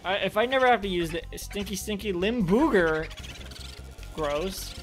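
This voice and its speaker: A man hosting a let's play, commenting on the gameplay, yelling and cursing at the game, then muttering quietly. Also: high voice, expressive, normal speed, soft background music.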